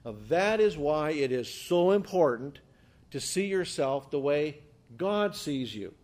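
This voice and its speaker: A man's voice: fairly high pitch, animated, unhurried, darkish tone. A man preaching a sermon as pastor, emphatic, often repeating and restarting, asking the congregation rhetorical questions.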